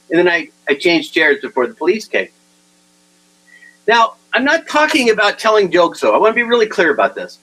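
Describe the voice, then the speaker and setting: A man's voice: high voice, sing-song, fairly quick, sharp tone, poor audio. A man giving a humorous motivational talk, telling stories and acting out the people in them, with frequent stammered restarts. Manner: storytelling with acted-out quotes and repeated punchlines. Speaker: motivational speaker.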